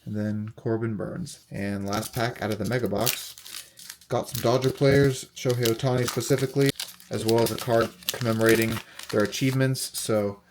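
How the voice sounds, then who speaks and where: A young man casually talking through a card unboxing, reading off player names in a steady, relaxed list. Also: mid-range voice, moderate pace, background noise. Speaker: card collector unboxing host.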